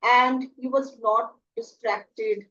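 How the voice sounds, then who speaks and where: Slow, encouraging woman evaluator. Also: a little high, steady tone, a bit bright, dull audio. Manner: encouraging, structured. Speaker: speech evaluator. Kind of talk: giving speech feedback.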